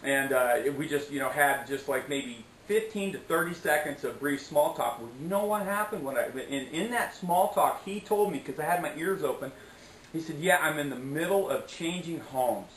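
A man's voice: fairly high pitch, animated, moderate pace, echoey room, slight background noise, rough recording. A middle-aged man telling a story in a casual vlog, chatty and preachy, often tossing in "okay?" and "anyways". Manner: preachy, motivational asides. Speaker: vlogger.

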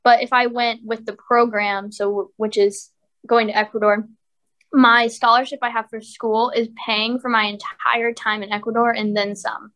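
A woman's voice: a little high, flat delivery, moderate pace, a bit bright. A young woman guest chatting casually on a podcast, upbeat and talkative, often saying "like". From United States. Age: young adult.

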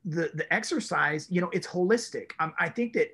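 A man's voice: high-pitched, animated, fairly quick, sharp tone, breathy edge. A man in his forties, a guest in a casual interview, telling his story with animation and acting out his own inner voice. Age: 40s.

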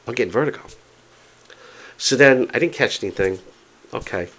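A man casually telling a story to camera, chatty and animated, often repeating himself for emphasis. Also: mid-range voice, normal speed. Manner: excited, determined. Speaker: vlogger.

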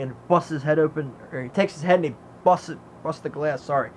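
A man's voice: medium pitch, brisk, a little hiss or hum. A man giving a casual movie review, rambling and enthusiastic, filling his talk with "you know" as he recounts scenes.

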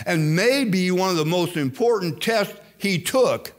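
A man's voice: sits high, expressive, a little slow, hardly any pauses. An older man preaching a sermon as pastor, telling stories with emphatic, repeated phrases. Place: church sanctuary.

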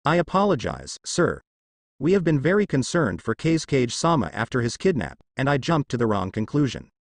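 A man's voice: mid-range voice, big pitch swings, a little fast, no echo. A man voicing a stern, hostile male ninja commander who snaps and speaks with scorn, in a story reading. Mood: apologetic. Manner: scornful, snapping.

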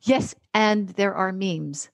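A woman's voice: medium pitch, takes it slowly, vocal fry, dry recording. A woman voice and speech coach, a guest on a casual podcast, talking with enthusiasm, articulating precisely and laughing easily. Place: home in Philadelphia.

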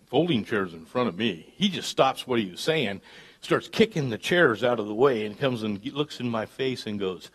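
A pastor preaching a live church sermon, dropping to hushed asides and climbing to loud, emphatic peaks. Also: male voice, on the low side, breathy edge. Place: church service.

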